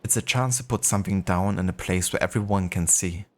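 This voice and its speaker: Gentle, regretful older father, German accent, slow and soft, read by a deep-voiced man. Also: slight background noise, close to an everyday voice. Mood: reflective. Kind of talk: reading game dialogue aloud.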